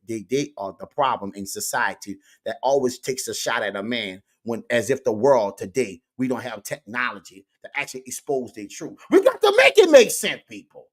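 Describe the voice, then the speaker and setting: A man doing comedic social media commentary in a preachy way, repeating catchphrases to his viewers. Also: on the low side. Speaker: online commentator.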